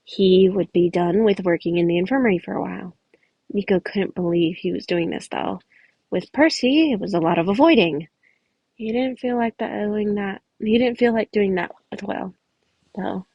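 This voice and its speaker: Casual woman podfic reader; gravelly, husky, very dry recording. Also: mid-range voice, normal speed, no echo, highs cut off. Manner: casual, self-correcting with chatty asides. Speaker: fan fiction reader. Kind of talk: podfic narration.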